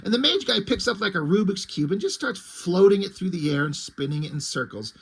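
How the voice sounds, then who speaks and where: A man's voice: sits high, sing-song, fairly quick, vocal fry, a bit bright, breathy edge. A man casually recapping a comic book's plot, rambling with lots of "like" and restarts. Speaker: comic book reviewer.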